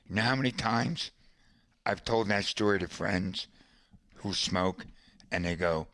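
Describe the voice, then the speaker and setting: Low-voiced man telling stories, unhurried. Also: steady tone, sharp tone, dry recording. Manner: conversational, colorful storyteller with asides. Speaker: podcast host. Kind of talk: casual storytelling monologue.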